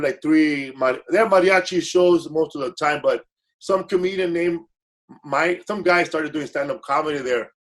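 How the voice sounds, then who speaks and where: Laid-back rambling man, slightly high voice. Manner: laid-back, rambling, self-correcting, slips into Spanish phrases. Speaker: guest comedian. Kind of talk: casual storytelling.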